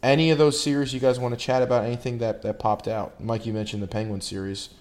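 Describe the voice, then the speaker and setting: A man's voice: mid-range voice, flat delivery, fast talker, darkish tone. A man co-hosting a podcast, talking casually and rambling with fillers. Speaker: podcast co-host. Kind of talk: casual sports chat.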